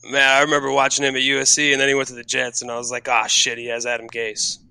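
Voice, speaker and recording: Bright, crisp-voiced man in blunt sports banter. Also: mid-range voice, monotone, quick pace, no echo. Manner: blunt, laid-back, profane. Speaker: fill-in podcast co-host. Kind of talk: casual sports chat.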